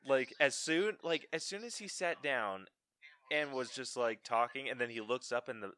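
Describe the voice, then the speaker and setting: Bright-voiced man, slangy and casual. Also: mid-range voice, expressive. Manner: loose, slangy, quick to curse. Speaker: podcast co-host. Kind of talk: casual chat about a film.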